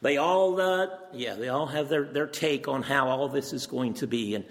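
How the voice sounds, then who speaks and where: A man's voice: medium pitch, normal speed. An older man preaching a sermon, earnest and emphatic, firing off rhetorical questions. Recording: long reverb from a hall.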